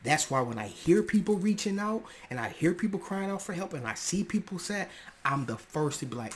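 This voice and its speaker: A young man hosting his own podcast, speaking in a personal, earnest monologue that swells into emphatic outbursts, casual and slangy, often clearing his throat. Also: high voice, very animated, fairly quick. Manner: casual slangy speech with restarts. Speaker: podcast host. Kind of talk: personal monologue on mental health.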